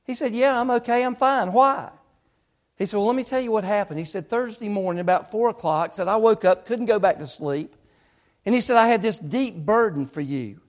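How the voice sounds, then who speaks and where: A man's voice: high voice, expressive, a little fast, a little mellow. A man preaching, retelling a story with lots of quoted speech in an earnest, building way. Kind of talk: sermon storytelling.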